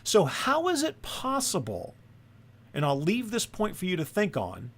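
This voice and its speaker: A man's voice: sits high, huge pitch swings, measured pace, breathy edge. A man teaching a screen-recorded networking lesson, thinking aloud and often checking in with "right?". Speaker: course instructor.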